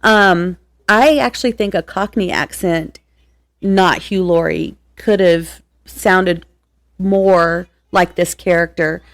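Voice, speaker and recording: An American woman co-hosting a casual book podcast, chatty and quick to laugh, often restarting her sentences. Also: lowish voice, dry recording. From United States. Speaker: podcast co-host. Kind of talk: casual chat about audiobooks.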